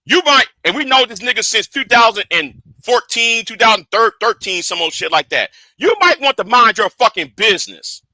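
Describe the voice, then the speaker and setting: High-pitched, sharp-voiced man ranting. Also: lively intonation, normal speed, hardly any pauses, no room sound, low-quality recording. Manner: angry, profane, directly addressing a rival. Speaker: live streamer. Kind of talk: confrontational livestream rant. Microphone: streaming setup.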